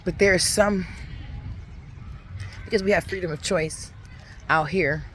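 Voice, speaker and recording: A woman's voice: lowish voice, a little slow, a bit bright, slight background noise. Earnest woman telling a personal story. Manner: earnest, rambling, with many restarts. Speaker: faith vlogger. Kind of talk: casual spoken reflection and storytelling.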